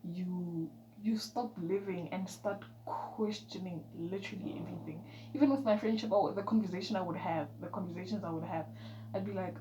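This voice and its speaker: A woman giving an emphatic, chatty motivational vlog talk, dropping now and then into soft whispered asides. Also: lowish voice, steady tone, normal speed, dull audio. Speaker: vlogger. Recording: echoey room with background noise.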